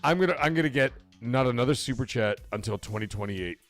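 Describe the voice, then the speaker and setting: A man hosting a late-night livestream, excitable and swearing a lot, getting out of breath as he swings from loud outbursts to low mumbling. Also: fast talker, soft background music. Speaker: livestream host. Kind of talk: casual late-night stream chat.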